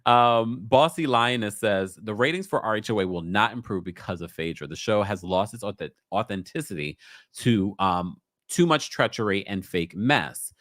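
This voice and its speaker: A man with a New York accent hosts a casual call-in livestream. His voice is bright and ranges widely in pitch. He reads out viewer comments and laughs often. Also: lively intonation, moderate pace, no echo, studio quality. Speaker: livestream host. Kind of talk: casual live-stream call-in chat.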